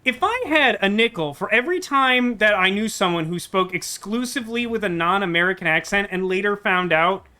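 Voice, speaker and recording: A man's voice: high voice, a little fast, few pauses, bright, forceful tone, clean tone. A man hosting a let's play, reading game dialogue aloud and breaking off into joking, rambling asides.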